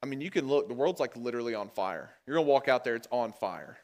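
A man preaching a sermon to his congregation in a conversational way, calling them guys and getting louder and higher when he drives a point home. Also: animated, fast talker. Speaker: pastor. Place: church.

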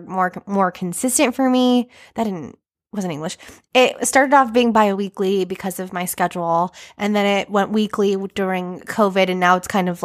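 A young woman hosting her own podcast, chatting casually and rambling with lots of fillers and self-deprecating asides. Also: mid-range voice. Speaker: podcast host. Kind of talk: casual solo podcast chat.

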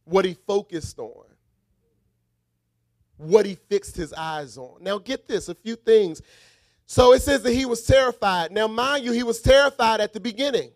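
High-voiced man preaching a sermon. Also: animated, normal speed, no room sound, clean studio sound. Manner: rhythmic call-and-response preaching, swings from shouted refrains to quiet asides.

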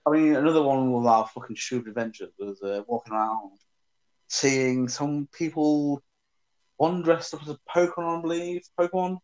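A man in casual chat, offhand and quick to swear and laugh. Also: a little high, darkish tone, highs cut off.

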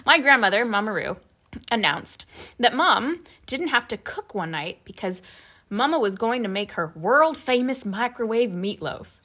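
A woman co-host tells stories in a casual, animated way and laughs often. Her voice is bright and clear, and her pitch swings widely as she gets into a tale. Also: measured pace. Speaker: podcast co-host. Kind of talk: casual chat, reading listener stories aloud.

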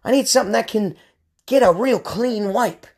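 A man's voice: high-pitched, normal speed, darkish tone. A man in his thirties from the US West Coast, hosting a podcast with a rambling, ranting comic monologue. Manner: ranting, rambling, crude jokes. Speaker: podcast host. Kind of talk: comedic monologue.

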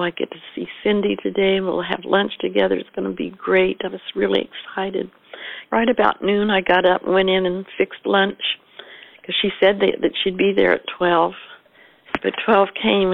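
An older woman, a bereaved mother, recalling her past in a measured storytelling voice, quoting herself and others as she goes. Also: mid-range voice, little pitch movement, creaky, no room sound, narrow, tinny audio. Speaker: interviewee, mother of a murder victim. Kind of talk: personal recollection.

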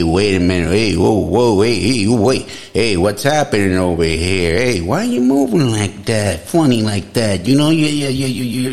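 A man giving mocking comedic commentary, heckling loudly with excited exclamations. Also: mid-range voice. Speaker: comedy video host.

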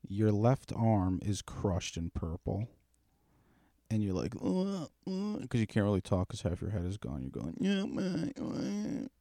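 A man's voice: deep voice, moderate pace, creaky, warm tone, dry recording, clean studio sound. A man in casual chat, rambling and swearing as he spins a darkly comic story.

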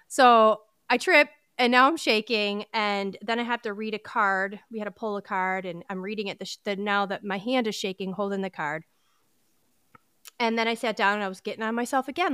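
A woman's voice: mid-range voice, a little fast, a bit bright, clear, resonant tone, no room sound, clean studio sound. A woman hosting a personal podcast, talking in an earnest, candid and encouraging way, often restarting her sentences. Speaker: podcast host. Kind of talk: personal motivational podcast talk.

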